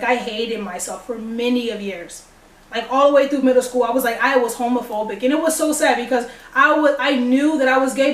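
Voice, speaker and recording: A young woman telling a personal story to the camera, acting out the dialogue as she goes. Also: a little high. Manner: animated, acts out dialogue. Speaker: vlogger. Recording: echoey room, distant mic.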